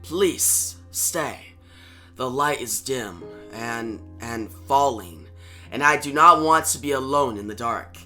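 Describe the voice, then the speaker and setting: A man reading out the soft lines of a gentle old priest near death. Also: expressive, takes it slowly, soft background music, heavily acted. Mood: gentle, fading. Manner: soft, low, quiet reading. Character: dying old male priest, gentle and calm.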